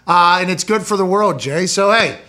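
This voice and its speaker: A man's voice: sits high, normal speed, heavy background noise. A man hosting a podcast, enthusiastic and supportive in casual talk. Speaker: podcast host.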